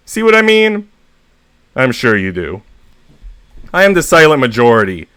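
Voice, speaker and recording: A man reads funny short stories aloud in a deadpan, comic way. His pitch swings widely from line to line. The sound is dry and close, with no room around him. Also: normal speed, smooth, dry recording. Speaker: VTuber reader.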